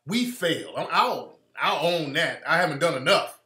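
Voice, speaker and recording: A man hosts a heated live stream from home, preaching his points and repeating them for weight. His voice sits a bit high and comes out bright and forceful. The webcam mic picks up a roomy echo. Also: lively intonation, normal speed.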